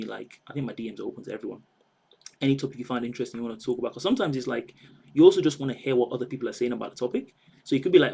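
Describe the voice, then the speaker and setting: A man's voice: medium pitch, creaky, a little mellow, breathy edge, low-quality recording. A man hosting a live stream, chatting and rambling straight to his viewers. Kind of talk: casual live-stream chat.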